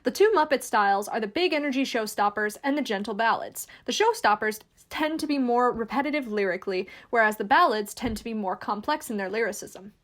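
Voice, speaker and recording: A woman reading a scripted video essay in a clear, measured, explanatory way. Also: a little high, a bit bright. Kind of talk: scripted narration.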